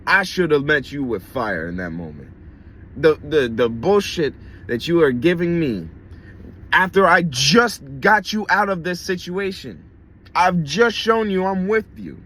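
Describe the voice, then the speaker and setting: A man's voice: a little high, lively intonation, unhurried, a bit bright, slight background noise. A man voicing God as an exasperated figure scolding an ungrateful believer in blunt slang.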